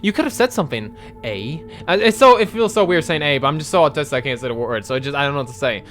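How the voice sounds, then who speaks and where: Animated, bright-voiced young gamer man. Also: on the high side, fast talker, soft background music. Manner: animated, rambling, swears a lot. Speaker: gaming video creator. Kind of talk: casual let's-play commentary.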